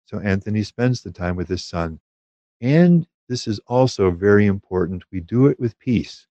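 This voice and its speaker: Low-voiced man teaching on prayer. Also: expressive, mellow, dry recording, muffled recording. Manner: measured, thoughtful, with frequent hesitations. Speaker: Catholic spiritual teacher.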